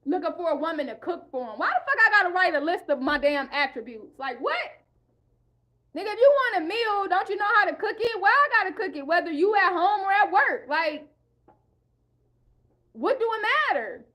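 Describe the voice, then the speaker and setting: A woman's voice: extremely high pitch, very animated, moderate pace, bright, forceful tone. A young woman vlogger in a heated, profane rant, repeating herself and speaking in an African American English style. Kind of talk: ranting monologue.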